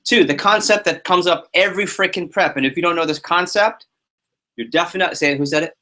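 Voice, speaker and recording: A man leading a sales team meeting, giving an energetic motivational talk full of anecdotes and repetition. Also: high voice, fast. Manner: energetic, repeats himself, tells anecdotes. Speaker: team leader running a sales prep meeting.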